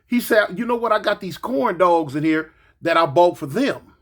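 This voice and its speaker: A man's voice: high voice, normal speed. A man in his forties, a grandfather, telling a story in a casual monologue and acting out the quotes. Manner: animated, acts out quotes, repeats words.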